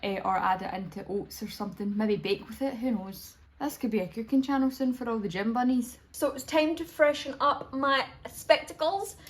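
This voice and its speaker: Brief: young woman, casual vlogger, rambly and chatty, voice sits a little high. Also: normal speed, few pauses, breathy edge. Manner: chatty, rambling, with frequent restarts. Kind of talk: casual vlog chat.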